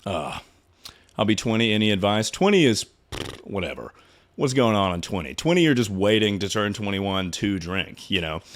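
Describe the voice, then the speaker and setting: A man in his twenties chatting casually to his livestream audience, out of breath, loud and excitable, swearing freely. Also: fairly low pitch, normal speed. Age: 20s. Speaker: streamer.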